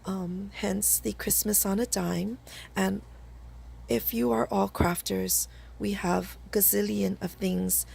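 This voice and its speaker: A woman with a cold speaks slowly and carefully, her voice deeply gravelly and husky. She chats through her craft projects in a friendly, slightly halting way, like a home crafter showing her work. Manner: chatty, slightly halting explanations. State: hoarse with a cold. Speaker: craft video host. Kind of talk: casual craft tutorial chat.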